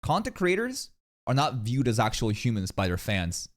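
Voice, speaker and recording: Male reaction streamer, lively swooping delivery, crude and blunt, casual commentary. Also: moderate pace. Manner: animated, profane, swings into shrill mocking voices.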